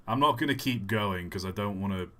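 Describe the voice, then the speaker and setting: A man's voice: on the low side, a little fast, fairly bright tone. A man answering chat questions on a casual live stream, rambling and self-deprecating, with many fillers.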